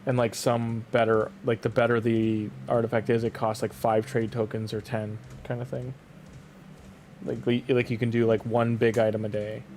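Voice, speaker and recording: A man's voice: medium pitch, little pitch movement, normal speed, a little mellow, a little hiss or hum. A young Canadian man with a Canadian accent, chatting casually on a game stream, rambling and restarting his sentences as he goes. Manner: rambling, leans on "like", frequent restarts. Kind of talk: casual live-stream chat.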